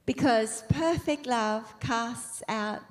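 Fervent female preacher, high voice, builds from hushed phrasing to loud passionate peaks. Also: slow. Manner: fervent, building to emphatic exclamations. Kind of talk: sermon.

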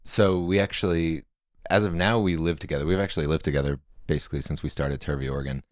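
Young man, guest musician, extremely deep voice, dry close sound, easygoing. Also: fast talker, no echo. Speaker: band member guest. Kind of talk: casual interview chat.

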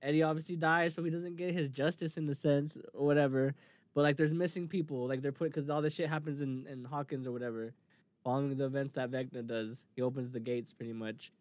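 A man's voice: medium pitch, fast talker, no echo. A young man in casual chat, retelling scenes with lots of swearing and laughter. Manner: animated retelling, swears freely, laughs often.

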